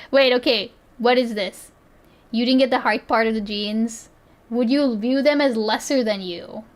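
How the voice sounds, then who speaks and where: A woman with a South Asian accent chats casually on a livestream. Her voice sits high, and she rambles, swears and laughs often as she reacts. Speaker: streamer.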